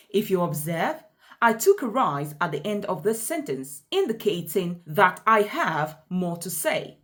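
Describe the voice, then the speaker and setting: Slow, lively-voiced woman teaching pronunciation. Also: medium pitch. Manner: deliberate, emphatic example sentences. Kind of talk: slow explanatory lesson.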